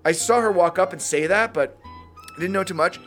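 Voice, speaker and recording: A man's voice: sits high, a little fast, fairly bright tone, faint music behind. A man co-hosting a podcast in laid-back casual chat, swearing freely and acting out what others said. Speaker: podcast co-host.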